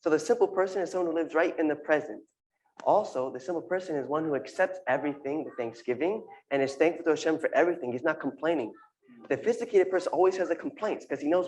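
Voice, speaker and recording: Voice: mid-range voice, fast talker, darkish tone, rough recording. A speaker giving an earnest, informal sermon talk to a congregation, repeating phrases and using Hebrew terms. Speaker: congregation member giving a drash.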